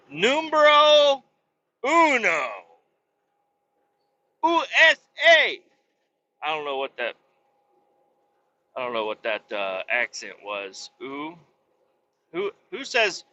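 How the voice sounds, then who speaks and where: A man hosting a podcast, rambling in a profane, meandering way with many pauses and restarts, on a dull lo-fi recording. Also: mid-range voice, bright, forceful tone. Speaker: podcast host and roadside tow operator. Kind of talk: casual rambling monologue.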